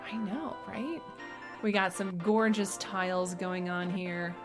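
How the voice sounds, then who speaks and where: Over background music, a woman with a lowish voice hosts a game stream. She's bubbly and chatty, quick to gush as she plays and talks with the developers in casual conversation.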